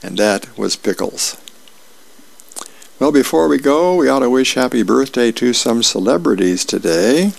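A middle-aged man volunteers as a reader, going through newspaper comics and celebrity birthdays aloud in a friendly, unhurried manner with small asides. His mid-range voice has lively intonation and some vocal fry.

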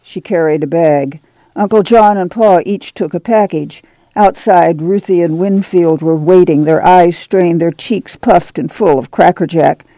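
A woman reading a novel aloud in steady scripted narration. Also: fairly low pitch, a little slow, no room sound. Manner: steady, even storytelling. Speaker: audiobook narrator.

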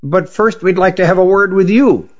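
A man's voice: high voice, moderate pace, voice pushed up. A man voicing a small, earnest young lad who speaks politely and hesitantly. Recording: dull lo-fi audiobook recording.

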